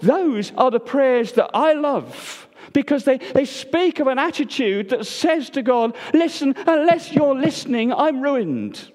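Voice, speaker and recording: High-voiced male preacher in a reverberant church. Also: animated, unhurried, hardly any pauses. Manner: swings between loud emphatic and hushed low delivery. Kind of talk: sermon.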